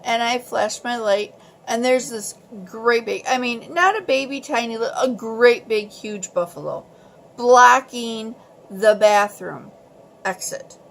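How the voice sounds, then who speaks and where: A woman with a fairly high voice and a lot of gravelly fry telling a story in a chatty, exasperated way. Her casual vlog storytelling stays animated throughout, with a faint background hiss. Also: takes it slowly. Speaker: vlogger telling a travel story.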